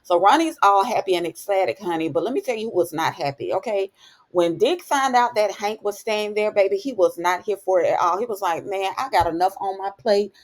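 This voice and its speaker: A woman giving a chatty, animated episode recap in casual talk, dropping in words like honey and baby. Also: medium pitch, a little fast. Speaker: TV recap vlogger.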